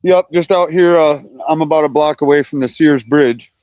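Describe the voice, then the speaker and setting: A man's voice: a little high, normal speed, no room sound, lo-fi sound. Laid-back man, dry close sound. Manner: relaxed, talks to his dogs between remarks. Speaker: guest caller. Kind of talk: casual chat.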